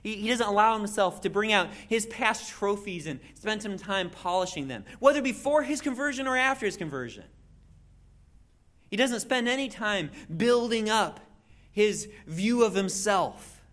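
A preacher giving an expository sermon in an animated way, with jokey asides and frequent restarts. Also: medium pitch, moderate pace.

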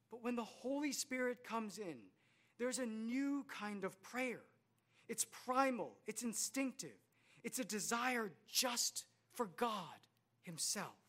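A man's voice: high-pitched, bright, forceful tone. Casting note: man in his thirties, earnest preacher, repeats lines and asks rhetorical questions. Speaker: pastor. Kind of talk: sermon.

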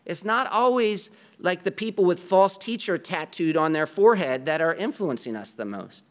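A man's voice: high voice, lively intonation, normal speed. A man preaching a sermon to his congregation in an earnest, conversational way. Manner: earnest, conversational preaching with a self-deprecating aside. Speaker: pastor.

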